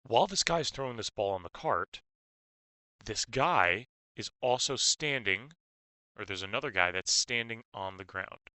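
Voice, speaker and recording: A young man tutoring physics, explaining step by step with stop-start phrasing and uneven loudness. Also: on the low side, expressive, unhurried, no echo, low-quality recording.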